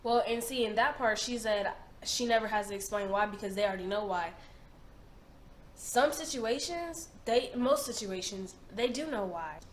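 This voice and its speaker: A woman's voice: a little high, lively intonation, normal speed. A young woman in her twenties, hosting a reaction video in casual chat, emphatic and slangy, often repeating herself. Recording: roomy echo, faint noise.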